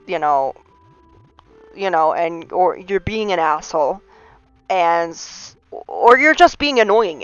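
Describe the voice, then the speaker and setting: A woman streams a heated, earnest monologue, piling up restarts and pushing her points harder as she goes. Her voice sits at a middling pitch for a woman. The stream audio sounds a little dull and lo-fi. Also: dry recording. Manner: earnest, ranting, with many restarts and rising emphasis. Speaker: livestream host. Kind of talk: impassioned livestream monologue. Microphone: streaming mic.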